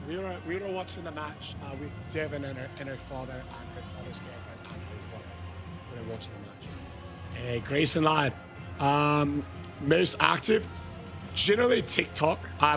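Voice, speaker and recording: A man livestreaming a game, reading chat and bursting into shouted greetings between casual muttering. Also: a little high, normal speed, loud music behind the voice. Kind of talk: excited live-stream chat.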